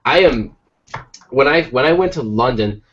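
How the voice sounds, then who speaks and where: Animated American man, slightly muffled. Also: medium pitch, moderate pace. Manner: animated, jokey storytelling. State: tired from little sleep. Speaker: podcast co-host. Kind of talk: casual chat.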